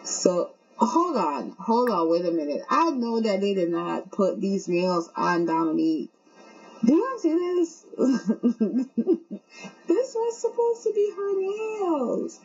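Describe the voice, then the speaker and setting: A woman giving casual let's-play commentary, chatty and excitable, talking straight to her viewers. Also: fairly high pitch, takes it slowly, husky, highs cut off. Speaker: game streamer.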